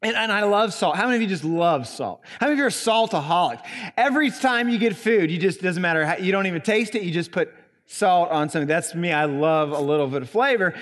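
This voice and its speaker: A man with a Southern Indiana accent preaching a sermon in a church, stressing single words with long pauses. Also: high-pitched, animated, a bit bright, big-room sound. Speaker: pastor. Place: church sanctuary.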